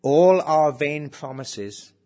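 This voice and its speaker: A man delivering a sermon in a slightly high voice. He talks in an animated way, asks his listeners rhetorical questions, and sinks to a near hush to stress key words. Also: slow pace. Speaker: preacher.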